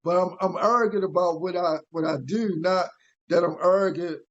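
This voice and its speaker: A man from New York, a podcast guest in casual chat, talking haltingly and repeating words as he gets his sentences going. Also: sits high, steady tone. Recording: dull lo-fi sound.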